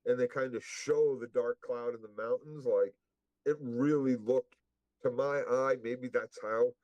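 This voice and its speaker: A blunt man rambles through a recap chat, swearing freely as he goes. His voice has a middling pitch, and the sound is dry and close. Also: steady tone, unhurried, darkish tone, dry recording, dull audio. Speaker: podcast co-host.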